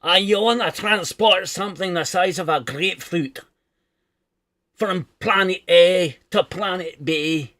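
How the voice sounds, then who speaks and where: A man putting on a bad Scottish accent to play a gruff, blustery, swearing male starship engineer. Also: high voice, measured pace, pushed and bright, no room sound, pitched above the performer's own voice. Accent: Scottish, put on.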